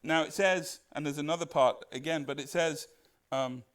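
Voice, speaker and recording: A man preaching a sermon as pastor, animated and putting questions to the congregation. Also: on the high side, normal speed, clear, resonant tone.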